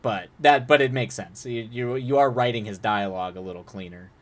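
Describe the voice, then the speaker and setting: A man's voice: medium pitch, a little fast. A young man reading a viewer's story aloud on a live stream, breaking off to chat about the writing in a loose, rambling way. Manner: chatty, frequent restarts and laughs between passages.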